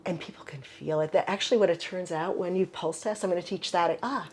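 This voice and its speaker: A woman's voice: lowish voice, a little fast, a little mellow, a little hiss or hum. An older woman herbalist with a Midwestern American accent telling stories casually in an interview, full of "you know" fillers. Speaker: herbalist guest.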